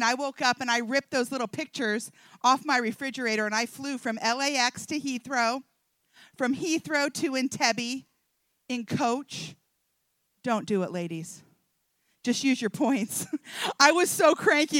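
Bright, high-voiced woman telling a story. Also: moderate pace, dry recording. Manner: animated storytelling, acting out the dialogue. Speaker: speaker at a Christian event. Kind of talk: humorous testimony talk to an audience.

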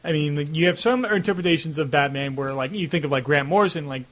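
A man's voice: on the high side, fast talker, fairly bright tone. A young man hosting a casual video-call chat, rambling with lots of "like" and acting out reactions. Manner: rambling, heavy use of "like", acts out reactions. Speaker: host.

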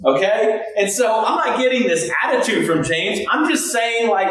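A man preaching a sermon in a high, lively voice, breaking into shouts and laughing asides. He is heard from a distance in a very echoey hall. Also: normal speed, hardly any pauses. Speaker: pastor.

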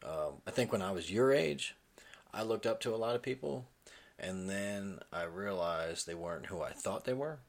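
A relaxed man in his thirties chats on a podcast in a slightly low voice. He talks easily, laughs often and fills his pauses with ums. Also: vocal fry. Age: 30s. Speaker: podcast host and father. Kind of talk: casual chat.

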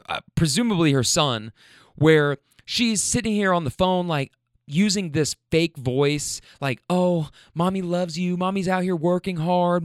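Man, rideshare driver, blunt and profane storyteller, smooth voice, dry close sound. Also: mid-range voice, a bit bright, dry recording. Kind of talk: casual storytelling.

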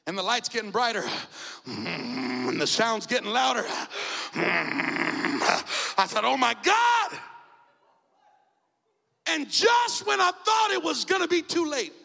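A male bishop preaching a sermon in a church, telling a story dramatically and shouting out the key phrases. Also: high-pitched, sing-song, takes it slowly, gravelly, slightly rough. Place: church sanctuary. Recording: long church reverb.

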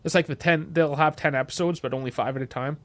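A man co-hosting a casual podcast, talking in an animated way that jumps loud and high when he gets excited. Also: fast talker. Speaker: podcast co-host.

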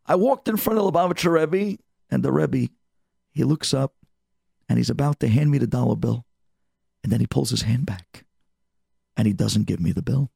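A man voicing a frail, devout elderly immigrant, telling his story with deep emotion. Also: animated, normal speed, creaky, pauses often, warm tone, slightly rough, no room sound, studio quality, exaggerated voice. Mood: earnest.

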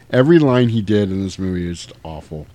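A man casually retelling a movie plot, animated and swearing, now and then jumping into loud character voices. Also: deep voice, normal speed, lo-fi sound. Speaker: podcast host retelling a movie. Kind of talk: casual chat.

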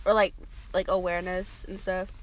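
A woman's voice: lowish voice, level tone, normal speed. A woman co-hosting a casual podcast, giggly and a little self-conscious. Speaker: podcast co-host. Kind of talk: casual chat.

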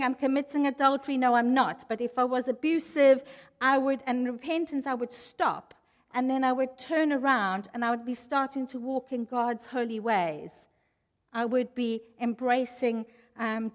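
High-voiced woman preaching. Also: in a large hall. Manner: lively storytelling with asides. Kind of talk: sermon.

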